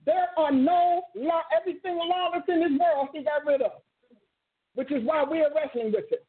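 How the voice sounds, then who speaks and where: Over tinny, phone-like audio, a woman preaches fervently, circling back to repeat and reword her points and breaking out in abrupt exclamations. Her voice is high-pitched and moderately paced; she is a preacher and teacher.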